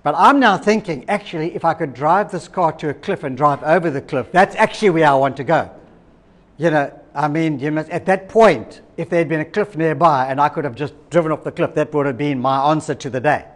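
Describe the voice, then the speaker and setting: A man's voice: on the high side, brisk. A man preaching a sermon, telling a personal story and acting out the dialogue with animation. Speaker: pastor.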